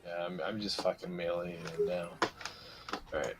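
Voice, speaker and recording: A man's voice: sits low, level tone, moderate pace, music in the background. A man in his thirties chatting while gaming with friends, swearing often and sounding exasperated. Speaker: stream guest. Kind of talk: casual chat while gaming.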